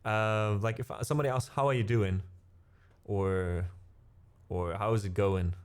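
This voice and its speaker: Chatting with his stream's live chat, a middle-aged German-accented musician rambles with lots of fillers. His voice is lowish and smooth, the tone steady and the pace measured.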